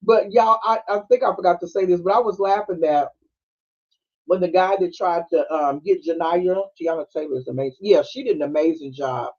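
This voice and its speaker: High-voiced man recapping a movie, laughing. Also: a little fast. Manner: animated storytelling with frequent laughing and quoted voices. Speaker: podcast host. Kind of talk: casual movie recap chat. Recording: dull lo-fi streaming audio.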